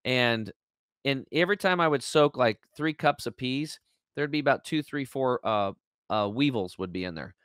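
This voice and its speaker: A man's voice: medium pitch, lively intonation, normal speed, fairly bright tone, clean tone, no room sound. A man talking as an interview guest over a video call, his voice dry and close. He tells his story with feeling, acting out what people said and leaning on fillers and restarts. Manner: emotional storytelling, acts out quoted dialogue, filler-heavy.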